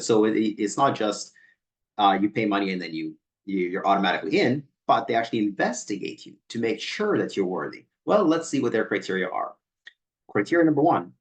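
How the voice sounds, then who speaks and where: A man who is a personal trainer, reading emails aloud and picking them apart in a skeptical, pointed way, often restarting on repeated words. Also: on the low side. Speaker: personal trainer and channel host.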